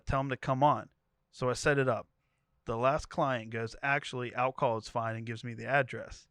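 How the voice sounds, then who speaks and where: A man's voice: mid-range voice, no echo, studio quality. A podcast co-host reading a wild tweet thread aloud, laughing as he goes and giving each character's lines a voice. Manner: animated storytelling, laughing between lines.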